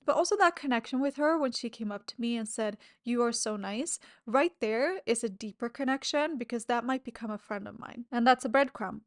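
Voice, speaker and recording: A woman's voice: a little high, a little fast, hardly any pauses, no echo. Candid, chatty woman podcaster, dry close sound. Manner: candid and chatty, swears freely, laughs between thoughts. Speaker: podcast host. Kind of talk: casual solo podcast monologue.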